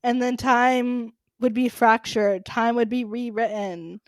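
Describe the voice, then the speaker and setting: A woman co-hosting a podcast in casual chat, animated and laughing as she rants. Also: a little high, takes it slowly, no echo. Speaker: podcast co-host.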